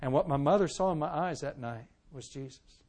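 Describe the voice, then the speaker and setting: High-voiced preacher telling his testimony. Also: fairly quick. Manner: animated storytelling, swings from loud to hushed; acts out quoted lines. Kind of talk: sermon testimony.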